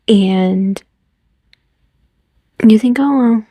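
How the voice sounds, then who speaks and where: Slow, gravelly-voiced woman gushing softly. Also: fairly high pitch, dry recording. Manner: gushing, often drops into whispers, acts out quotes. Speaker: vlogger. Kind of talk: casual movie recap.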